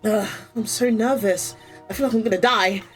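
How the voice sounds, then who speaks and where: A woman's voice: mid-range voice, moderate pace, over music, pitched above the performer's own voice, lightly acted. A woman voicing a nervous young female rookie lawyer, talking hesitantly. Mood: anxious. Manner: hesitant, anxious.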